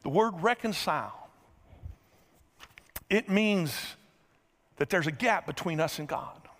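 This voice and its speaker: A middle-aged man preaching a sermon, telling a folksy story and acting out the scenes with lively energy. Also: high-pitched, slow. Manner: folksy, animated storyteller who acts out scenes. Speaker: pastor. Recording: reverberant large hall.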